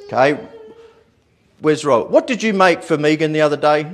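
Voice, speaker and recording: High-pitched animated male pastor. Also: a little fast. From Australia. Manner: animated, repeats words, laughs at his own stories. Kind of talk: sermon. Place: church.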